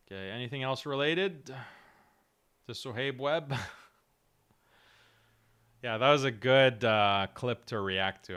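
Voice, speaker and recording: On a livestream, a male host reads chat and replies in an earnest, direct, somewhat halting manner, his voice strained and prone to cracking. The pitch is lowish, the tone bright, forceful and smooth.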